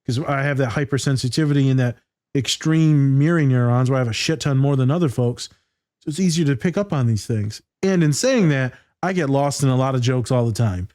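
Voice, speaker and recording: A man's voice: mid-range voice, brisk, a little mellow. A man hosting a casual podcast chat, talking candidly and swearing, acting out quoted exchanges. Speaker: podcast host.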